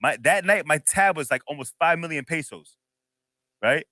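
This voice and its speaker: A man co-hosting a podcast, telling a story in a loose, animated, slangy way with lots of laughs. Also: fairly high pitch, moderate pace, no echo. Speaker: podcast co-host. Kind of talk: casual chat, storytelling.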